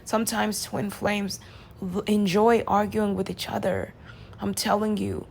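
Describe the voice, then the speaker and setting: A woman's voice: medium pitch, flat delivery, a little slow, vocal fry, slight background noise. Impassioned woman venting about a relationship. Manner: impassioned, swings from quiet to loud pleading. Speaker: vlogger reacting to a reading. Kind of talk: emotional personal monologue.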